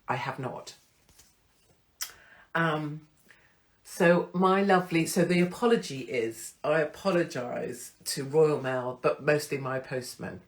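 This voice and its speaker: A middle-aged woman hosting her online show, talking to followers in a casual, blunt, chatty way and swearing freely. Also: sits low. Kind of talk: casual unscripted monologue to followers.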